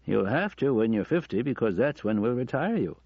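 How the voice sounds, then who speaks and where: A man's voice: medium pitch, sing-song, brisk, a little mellow, breathy edge, no echo, pitched above the performer's own voice. A man voicing a dry, teasing male deputy director with an air of authority, in a dull lo-fi audiobook recording. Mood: wry. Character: gruff cigar-smoking male deputy director.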